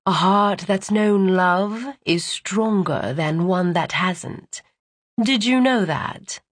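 A woman reading as a menacing villainess in a storybook, her voice sickly sweet and light, drawn out slowly as she taunts. The tone is breathy and close, with no room around it. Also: medium pitch, no room sound. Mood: sweet taunting. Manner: slow, sugary, taunting.

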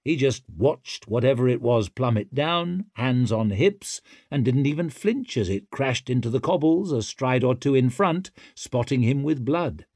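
A man narrating an audiobook in a wry, expressive storytelling manner. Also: mid-range voice, unhurried, few pauses, dry recording, clean studio sound.

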